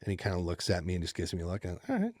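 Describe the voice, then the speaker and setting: Speaking rapid-fire in a low-pitched voice, a middle-aged podcast co-host spins a story amid casual chat, acting out every quoted line with animation. The recording is studio quality with no room sound.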